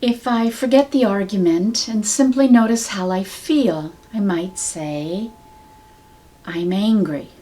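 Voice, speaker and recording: A woman with a middle-pitched voice guides listeners through a healing exercise. She talks very slowly, with long, unhurried pauses. Her delivery is calm, measured and soft. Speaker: sound healing teacher. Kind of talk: slow guided teaching.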